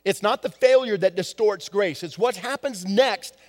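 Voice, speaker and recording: A man preaching a sermon as a pastor, swinging from hushed lines to emphatic ones. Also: high voice, moderate pace, long reverb tail. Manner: dramatic shifts from hushed to emphatic.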